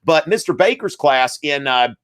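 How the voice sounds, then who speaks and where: A man hosting a live history review, lecturing in a conversational way with many fillers and shoutouts to viewers. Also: a little high, animated, normal speed, smooth.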